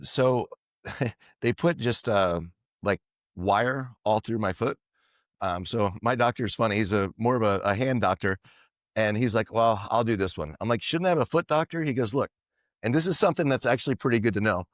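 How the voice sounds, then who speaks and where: A man being interviewed as a podcast guest, telling lively anecdotes and acting out what others said. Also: fairly low pitch, normal speed, no room sound, clean studio sound. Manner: animated anecdotes, quoting others in dialogue. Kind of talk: casual storytelling interview.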